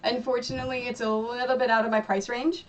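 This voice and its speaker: A woman's voice: on the high side, flat delivery, fast talker, recorded from a distance, slight background noise, poor audio. A woman streaming from her home craft room, chatting casually in a rambling way with many fillers. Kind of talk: casual chat while quilting. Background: music playing.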